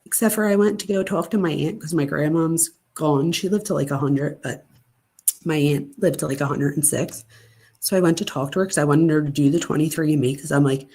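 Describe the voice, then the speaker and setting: A woman in her forties hosts a live stream in a relaxed, chatty way. Her voice sits a little low, and she tells lively stories while answering the chat. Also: fairly quick. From Pennsylvania, United States. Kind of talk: casual live chat reading viewer comments.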